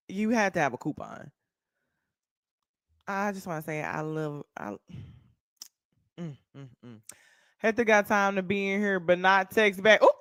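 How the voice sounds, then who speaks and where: A woman's voice: fairly high pitch, no echo, clean studio sound. A woman from Texas chatting casually on a livestream as a podcaster, talking straight to viewers, calling out their names and swearing freely. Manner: animated, profane, reacts to viewer comments.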